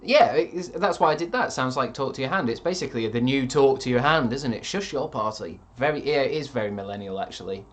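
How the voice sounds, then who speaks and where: A man in his thirties talks casually to his stream chat. His delivery is deadpan and sardonic, full of offhand swearing and dry jokes told with a straight face. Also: medium pitch, fast talker, hardly any pauses. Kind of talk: casual chat reading viewer comments.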